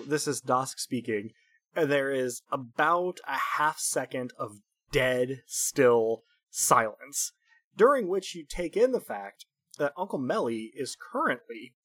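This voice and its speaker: Slow, bright-voiced man running the game. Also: on the high side, dry recording. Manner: unhurried, filler-heavy storytelling with frequent laughs. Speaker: game master. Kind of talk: narrating a tabletop game.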